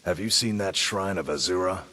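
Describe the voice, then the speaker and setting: A man's voice: low-pitched, brisk, a loud crowd, natural voice. A man voicing a terse tavern cook. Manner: blunt, few words. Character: terse male tavern cook in a fantasy game. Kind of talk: video game character dialogue.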